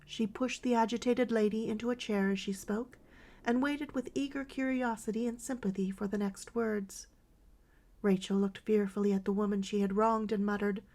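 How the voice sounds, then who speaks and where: A woman narrating a 19th-century novel as an audiobook in a measured, dramatic storytelling voice. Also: medium pitch, steady tone, darkish tone.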